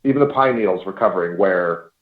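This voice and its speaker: A man's voice: low-pitched, fast talker. Canadian man in his forties telling stories. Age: 40s. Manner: rambling, swears casually, laughs often. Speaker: paranormal investigator guest. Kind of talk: casual storytelling chat. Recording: roomy, dull lo-fi call audio.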